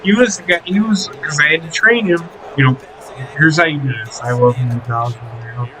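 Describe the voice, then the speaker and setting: A man's voice: fairly high pitch, a little fast, sharp tone, a little hiss or hum, low-quality recording. A young man chatting casually while gaming, telling profane stories and laughing often. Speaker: gaming streamer. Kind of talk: casual chat.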